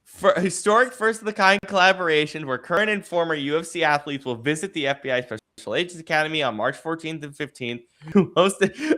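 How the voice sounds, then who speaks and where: A man's voice: fairly high pitch, brisk, sharp tone. A man co-hosting a casual sports and news talk show, reading headlines and laughing along. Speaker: podcast co-host. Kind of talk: casual chat.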